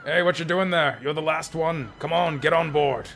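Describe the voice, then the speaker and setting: A man voicing a gruff adult sailor on a dock in a game, calling out in a loud, bossy way. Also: a little high, normal speed, voice pushed up. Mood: impatient.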